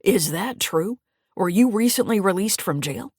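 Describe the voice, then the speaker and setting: A woman's voice: medium pitch, lively intonation, a little slow, a little mellow, slightly rough, dry recording, studio quality. A woman voicing a stern older male state trooper who questions firmly. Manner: firm, questioning.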